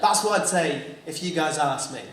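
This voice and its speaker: A man from England tells a wry stand-up story in a slightly higher voice. The sound is echoey and distant, with faint noise behind him. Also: moderate pace. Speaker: stand-up comedian. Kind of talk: stand-up comedy. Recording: echoey stage heard from afar.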